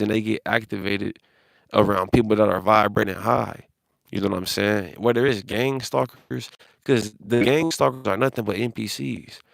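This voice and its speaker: A man's voice: on the low side, creaky, no room sound, studio quality. A man on a phone livestream, talking in a rambling, profane way with lots of restarts.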